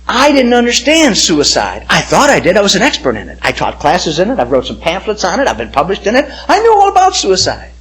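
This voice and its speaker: A middle-aged man preaching his own testimony, his voice sitting high for a man and swinging widely up and down as he presses each point. He speaks with emphatic, impassioned conviction, as a pastor addressing his congregation. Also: huge pitch swings, fairly quick, few pauses, a bit bright, a little hiss or hum, poor audio. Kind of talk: personal testimony sermon.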